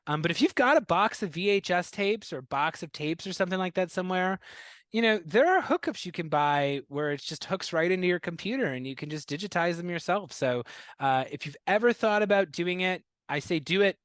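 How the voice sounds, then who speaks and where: An animated man tells stories in a fairly high voice, slipping into quoted voices of relatives and laughing at his own tales. The sound is close and dry, with no room around it. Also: a little fast, no room sound. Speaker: comedian and guest. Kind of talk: casual interview chat.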